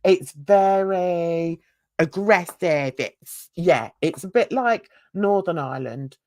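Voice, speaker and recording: A woman's voice: fairly low pitch, lively intonation, slow pace, darkish tone, no echo, clean studio sound. A woman from Britain co-hosting a casual livestream chat, chatty, laughing often and greeting viewers. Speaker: livestream co-host.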